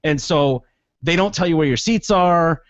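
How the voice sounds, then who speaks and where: Chatty male podcast host, slightly high and expressive, profane storyteller; dull, dry recording. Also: moderate pace, no echo. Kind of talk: casual chat.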